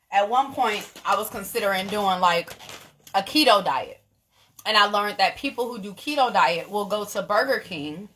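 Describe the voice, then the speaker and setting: Bright-voiced, blunt young woman vlogging. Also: mid-range voice. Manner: animated, blunt, swears freely, laughs often. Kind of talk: casual monologue to camera.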